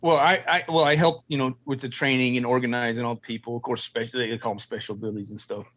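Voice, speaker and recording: A man's voice: mid-range voice, fast. Middle-aged man, ex-Marine storyteller, salty language, dull lo-fi sound. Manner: profane, animated storyteller acting out quotes. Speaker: guest, former Marine and film military advisor. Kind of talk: casual storytelling interview.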